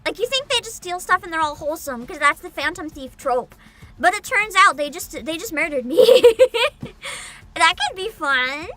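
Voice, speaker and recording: A woman streamer chatting casually on a livestream, excitable and giggly, often humming and squealing. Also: high voice. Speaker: streamer reacting to a game showcase. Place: home streaming setup.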